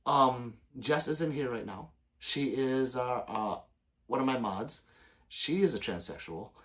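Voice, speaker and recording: A man hosting a casual livestream, reading viewer comments aloud, joking and swearing freely with loud sudden outbursts. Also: mid-range voice, animated, a little slow. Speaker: gun channel livestream host.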